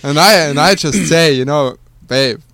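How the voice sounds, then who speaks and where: A man with an Austrian German accent joking around as a podcast guest. His voice sits a little high. He plays along playfully in slightly broken English. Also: normal speed, creaky, a crowd in the background. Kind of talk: casual chat.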